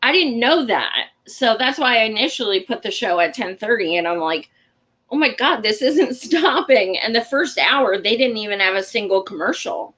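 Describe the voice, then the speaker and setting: A young adult woman hosting a casual political commentary show, blunt, profane and excitable. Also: a little high, moderate pace.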